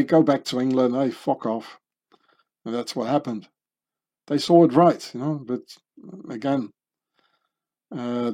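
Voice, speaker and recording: A man works through a loose, meandering monologue, circling back and restarting his sentences with fillers. His delivery is unhurried and drawn out. His voice sits mid-range with a dark, mellow colour. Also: mid-range voice. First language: German. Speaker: commentator. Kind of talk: rambling monologue over images.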